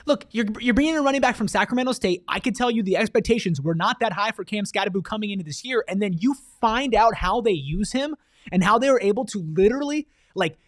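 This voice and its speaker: Male sports co-host, high voice, casual slangy delivery, dry close recording. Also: no echo. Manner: animated, emphatic, slangy.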